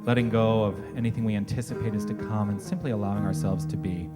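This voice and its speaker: A man leading a guided meditation at a spiritual service, softly inviting listeners to breathe. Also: on the low side, fairly even intonation. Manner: slow, soft-spoken invitations to breathe. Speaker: minister leading meditation and music. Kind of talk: guided meditation over guitar. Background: guitar playing.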